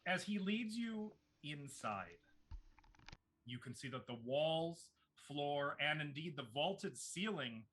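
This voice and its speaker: A man narrates as game master of a tabletop game, with a bright, clear tone at an ordinary pitch. He describes scenes at an easy pace and stops to explain the rules.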